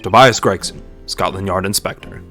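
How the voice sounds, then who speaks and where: A man doing a gruff police inspector. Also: low-pitched, normal speed, a bit bright, faint music behind, voice pushed down. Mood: indignant. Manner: gruff, clipped and indignant. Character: gruff middle-aged male police inspector, indignant.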